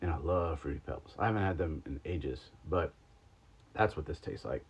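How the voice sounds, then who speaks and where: A man's voice: very deep voice, moderate pace, breathy edge. A man hosting a livestream, chatting casually and rambling with lots of ums and likes while taste-testing sodas. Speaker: podcast host. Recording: slightly dull lo-fi stream audio.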